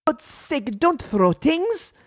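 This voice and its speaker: A man reading a story aloud voices a frightened young girl hiding in the jungle, pleading and alarmed in a high voice. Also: very animated, takes it slowly, no echo, studio quality, heavily acted.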